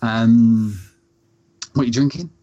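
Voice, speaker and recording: A man's voice: mid-range voice, slow pace, muffled recording. A man hosting a podcast, telling rambling stories with lots of restarts. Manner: animated storyteller, rambling restarts. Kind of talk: casual chat.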